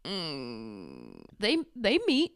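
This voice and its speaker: Lively sarcastic woman recapping reality TV. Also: very deep voice, extremely slow, vocal fry, clean tone. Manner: sarcastic, animated, acts out quotes. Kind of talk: casual recap commentary.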